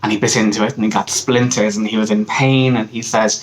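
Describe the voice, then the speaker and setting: A young Irish man, a camp counselor, casually telling a folk tale in a relaxed, hesitant way with pauses and restarts. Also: on the low side, low-quality recording. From Ireland.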